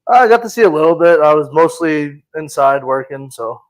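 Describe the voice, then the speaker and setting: A man's voice: on the high side, animated, moderate pace, poor audio. A man with an American accent co-hosting a casual sports podcast, laid-back, telling stories with stammered restarts and lots of "like". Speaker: podcast co-host.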